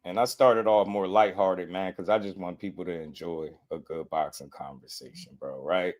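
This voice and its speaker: Hosting a relaxed boxing livestream, a man laughs frequently and calls out viewers by name in casual chat. He speaks at a normal speed in a low-pitched, steady tone.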